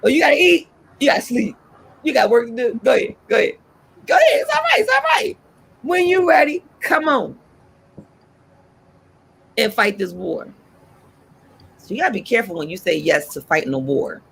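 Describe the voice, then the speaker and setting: A woman with a gravelly, slightly husky voice hosts a talk show like she is preaching. She is animated and her voice leaps upward whenever she exhorts the listener. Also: moderate pace, pauses often. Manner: animated, preachy, swoops up high when exhorting.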